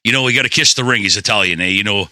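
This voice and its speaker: Guy hosting a podcast, rambling and swearing, bright voice, dry room. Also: fairly low pitch, rapid-fire, no room sound. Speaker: podcast host. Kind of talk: casual chat.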